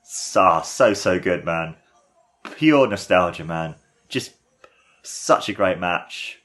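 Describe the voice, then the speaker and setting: A young man hosts a casual watchalong and talks in a slightly low voice. He gushes and rambles with plenty of excitement. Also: takes it slowly. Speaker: podcast host.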